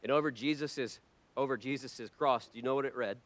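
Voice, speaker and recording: A man preaching a sermon to his church, impassioned and swinging between hushed lines and loud ones. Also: medium pitch, a little fast. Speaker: pastor.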